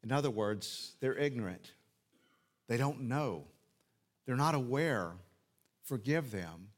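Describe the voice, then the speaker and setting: An earnest male pastor preaching an expository sermon at a mid-range pitch. He unpacks scripture phrase by phrase, poses rhetorical questions and repeats key phrases for weight. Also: expressive, takes it slowly.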